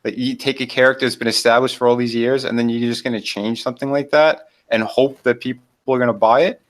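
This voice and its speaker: A man speaks as a guest on a live stream, agreeing casually with the host. His voice sits at an ordinary middle pitch and he speaks plainly, without much show. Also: steady tone, fast. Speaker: livestream guest. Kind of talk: casual livestream chat.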